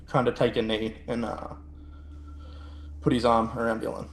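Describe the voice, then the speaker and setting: A player in a tabletop game, a man who describes his character's actions in a slow, halting way from off-mic. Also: mid-range voice, level tone. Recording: echoey, off-mic.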